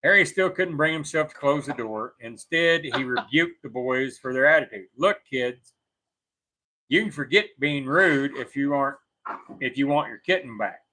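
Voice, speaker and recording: A man with a bright, forceful voice reads a creepy story aloud for his co-host. He keeps a steady storytelling pace and stops to fix his own slips as he goes. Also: mid-range voice, normal speed, low-quality recording. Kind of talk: reading a scary story aloud on a talk show.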